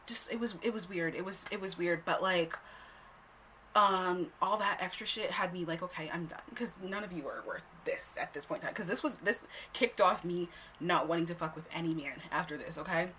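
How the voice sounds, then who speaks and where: A young woman telling a story on her own vlog in a casual, animated way, blunt and quick to swear. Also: on the low side, slight background noise. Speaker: storytime host.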